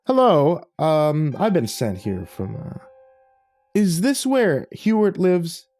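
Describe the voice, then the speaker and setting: A man voicing an inhuman male stranger who speaks in a flat, robotic monotone in a horror story. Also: fairly high pitch, slow, no room sound, faint music behind, voice pushed up, exaggerated voice. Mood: insistent.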